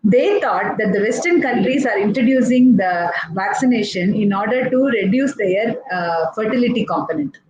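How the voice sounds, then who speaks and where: The voice is a woman's, fairly high, animated, and a little mellow, at normal speed with few pauses. She is an Indian pediatrician with an Indian English accent giving a step-by-step live online explanation, with many fillers and restarts, over echoey, dull, lo-fi audio with faint noise.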